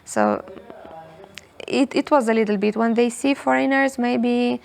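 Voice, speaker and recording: A young woman, telling a story as a podcast guest in a hostel, animated and repeating herself often. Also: fairly high pitch, a little slow, creaky. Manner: animated, repeats words, frequent "you know". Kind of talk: casual storytelling in English.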